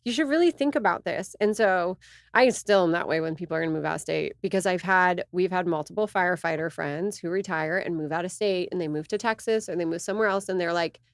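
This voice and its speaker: A woman co-hosting a podcast, talking casually and quoting people with animated asides. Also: lowish voice, fast, dry recording, studio quality. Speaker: co-host realtor.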